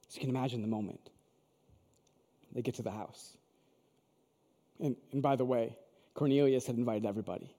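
A man's voice: fairly high pitch, a little fast, long pauses, mellow. A man preaching a sermon, telling a story in a conversational way and asking the audience questions. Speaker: pastor. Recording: long hall reverb.

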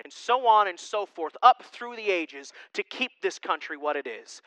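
This is an animated male pastor preaching in a loose, conversational style and tossing in "right?" asides. His voice sits high for a man and rings bright and smooth. The sound is dry and close. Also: moderate pace, few pauses, dry recording, rough recording. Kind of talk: sermon. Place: church sanctuary.

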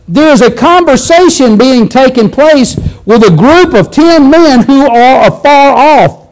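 Animated, high-voiced male preacher. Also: unhurried, rough recording. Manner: animated, conversational, acts out scenes, frequent restarts. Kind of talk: sermon.

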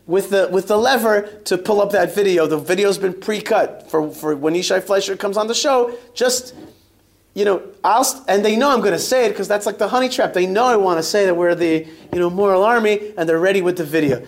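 A man giving a lively storytelling talk in a synagogue, emphatic and joking with his audience. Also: high-pitched, fairly quick. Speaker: rabbi speaker.

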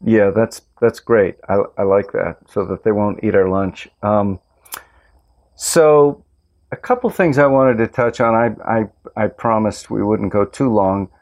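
A man who farms organic tomatoes, hosting a casual interview and telling stories in an earnest, relaxed way. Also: fairly low pitch, unhurried. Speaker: host, organic tomato farmer.

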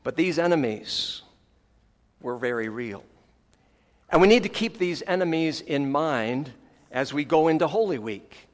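A man preaching a sermon as pastor, earnest with dramatic pauses, letting phrase ends fall soft, with folksy asides. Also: on the high side. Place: church sanctuary. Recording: long hall reverb, church sanctuary.

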